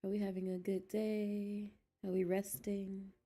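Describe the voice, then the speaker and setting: Woman streamer, chatty and giggly, slow and mellow, close desk mic. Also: mid-range voice, little pitch movement. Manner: chatty, giggly, talks to chat. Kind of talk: casual game stream chat.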